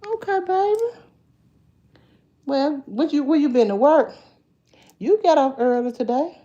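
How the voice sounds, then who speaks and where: A woman hosting a casual livestream, chatting straight to her viewers, jumping to high excited calls. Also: moderate pace, dull audio. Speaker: livestream host.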